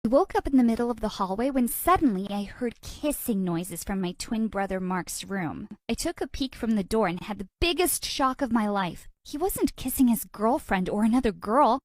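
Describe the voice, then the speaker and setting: Give me a woman with a high voice narrating an expressive cartoon story. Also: normal speed, few pauses, dry recording, clean studio sound. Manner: dramatic, expressive. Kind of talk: scripted first-person story narration.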